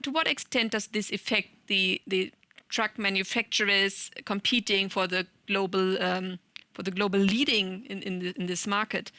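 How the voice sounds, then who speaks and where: A woman moderates a panel in a bright, clear voice, recorded dry and close. She poses questions and sums up points with small hesitations. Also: medium pitch, dry recording.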